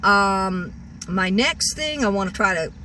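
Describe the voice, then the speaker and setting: A woman's voice: mid-range voice, lively intonation, measured pace, sharp tone, recorded from a distance, slight background noise. A woman in her sixties vlogging from her parked vehicle, rambling on with many restarts and repeated words. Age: 60s. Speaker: car-camping vlogger. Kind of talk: rambling vlog rant. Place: parked vehicle in a store parking lot.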